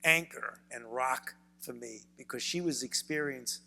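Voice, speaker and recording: An older man with a Brooklyn accent, a physician telling stories in a measured way during an onstage interview. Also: mid-range voice, gravelly, pushed and bright, long reverb tail. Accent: Brooklyn, New York. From United States. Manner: measured storytelling, frequent repeated words. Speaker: physician and author, interview guest. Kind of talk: onstage conversation. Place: university event hall.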